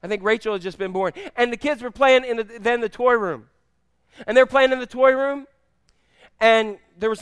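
Middle-aged pastor guy telling family stories, high smooth voice, dry close sound. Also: a bit bright, dry recording. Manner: conversational, asks the audience questions. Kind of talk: sermon with personal stories.

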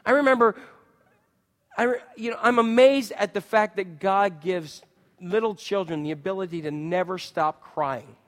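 High voiced pastor guy preaching, lively, lots of questions to the crowd, long echo in a big hall. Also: normal speed. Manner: animated, acts out quotes and asks the congregation questions. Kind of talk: sermon.

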